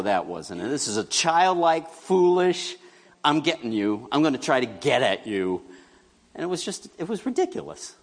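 Middle-aged male pastor in a reverberant hall. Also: mid-range voice. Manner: conversational, animated storytelling with acted quotes. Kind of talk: sermon.

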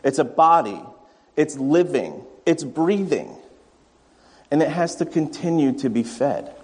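A man's voice: on the high side, a little mellow, long reverb tail. A man, a pastor, preaching a conversational sermon and acting out little family stories. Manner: conversational, acts out family anecdotes. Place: church sanctuary.

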